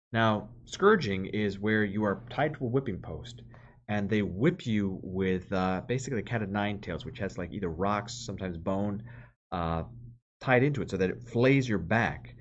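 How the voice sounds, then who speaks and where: A man's voice: on the low side, animated, normal speed, highs cut off. A man, a priest, reading scripture aloud and then explaining it in plain words with the odd filler. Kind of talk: Bible reading with commentary.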